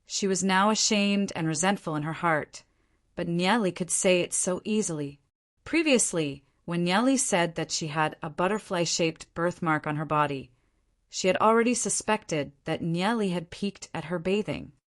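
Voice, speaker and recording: Woman narrating an audiobook in a lowish voice. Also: normal speed.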